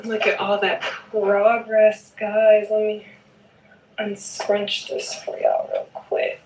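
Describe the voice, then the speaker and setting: Chatty woman vlogger, slow unhurried delivery, mic a fair way off in a roomy space. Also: mid-range voice, far from the mic. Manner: chatty, playful, emphatic with repeated "okay?". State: sleepy at night. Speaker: knitting vlogger. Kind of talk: casual vlog chat.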